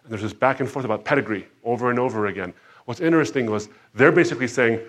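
A man preaching a sermon, moving from quiet reflection to loud, emphatic outbursts and acting out quoted voices. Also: mid-range voice, fast talker. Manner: dramatic, swings between soft reflection and loud emphatic outbursts.

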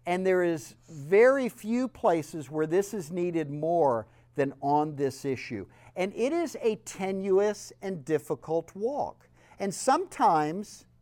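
A man with a Southern accent giving a sermon-style teaching talk, telling stories earnestly and swinging between loud emphasis and soft, quiet lines. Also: a little high. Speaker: speaker.

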